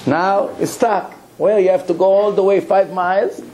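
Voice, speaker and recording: Male rabbi preaching through a story, animated delivery, mellow, slightly high voice. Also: normal speed, a little hiss or hum, rough recording. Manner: animated, swings between low asides and sudden high exclamations. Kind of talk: storytelling sermon.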